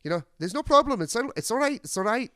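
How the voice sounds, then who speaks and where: A man voicing a calm older martial artist who placates attackers in a raised, soothing voice. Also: high-pitched, fast talker, no room sound, clean studio sound, pitched above the performer's own voice, exaggerated voice. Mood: mock placating.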